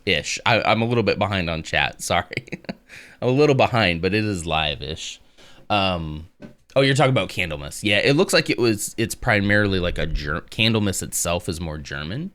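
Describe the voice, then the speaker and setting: A man with a low voice speaks loosely and conversationally. He drifts between reading text aloud and replying to his live audience. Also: normal speed. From United States. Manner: relaxed and rambling, reads text aloud and answers chat. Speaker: live streamer. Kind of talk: casual live-stream chat and reading aloud.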